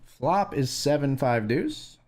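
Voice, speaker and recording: A man's voice: medium pitch, takes it slowly. Rambling poker streamer guy, swearing casually. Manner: rambling, filler-heavy, profane; excitable when winning. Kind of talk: casual live-stream commentary.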